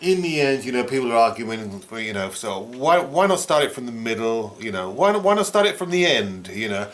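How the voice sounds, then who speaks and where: A middle-aged man reminisces casually about a trip, rambling and chuckling with plenty of "you know." His mid-range voice is sing-song and a bit bright at a moderate pace, with roomy echo and faint background noise.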